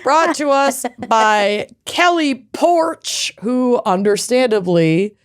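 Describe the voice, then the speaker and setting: A young adult woman co-hosting a podcast in casual chat, playful and animated, drawing out words for emphasis. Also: on the high side, takes it slowly, clean tone. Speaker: podcast co-host.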